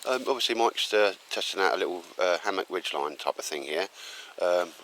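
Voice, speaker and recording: Bright-voiced teasing man outdoors. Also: sits low, animated, a little hiss or hum, rough recording. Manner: joking, teasing, quick laughs. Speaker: vlogger filming a woods day out. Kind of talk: casual banter to camera. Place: outdoors in woodland.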